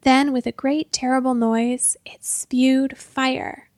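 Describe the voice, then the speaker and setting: A woman's voice: sits high, dry recording, clean studio sound. Woman reading a storybook aloud. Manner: expressive, measured storytelling. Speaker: narrator. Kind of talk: storybook narration.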